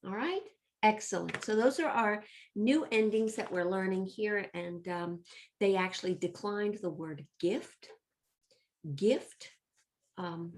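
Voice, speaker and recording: A woman's voice: lowish voice, measured pace, darkish tone, a little hiss or hum. A woman teaching a recorded Latin review lesson to children. She speaks in an upbeat, encouraging way, addresses the kids directly and chants word forms in rhythm.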